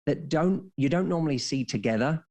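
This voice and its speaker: A man's voice: on the high side, animated, brisk, warm tone. A man in his thirties, a dating coach on a podcast, explaining ideas through stories and acting out quoted dialogue. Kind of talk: casual podcast conversation.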